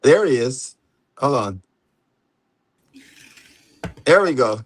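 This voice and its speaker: A man's voice: medium pitch, sing-song, takes it slowly, breathy edge. A man from Jamaica with a Jamaican accent, hosting a casual live panel chat in a laid-back way, dropping "you know" often and laughing easily. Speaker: host.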